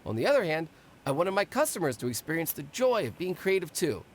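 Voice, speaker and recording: An actor playing an eager, talkative young stall owner in a video game, who rambles with enthusiasm. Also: male voice, a little high, sing-song, fast talker.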